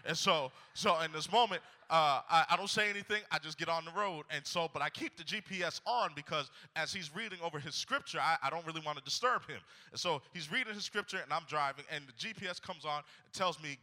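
Male preacher, young adult, high voice, very bright tone, storytelling, building to shouts. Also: brisk, hardly any pauses. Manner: storytelling, rising to shouted exhortation. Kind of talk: sermon.

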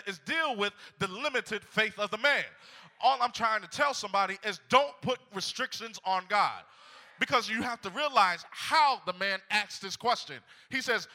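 A pastor with a high-pitched, sharp voice preaches fervently in a church sanctuary, calling to the congregation and repeating his phrases. The recording has the long reverb of a large hall.

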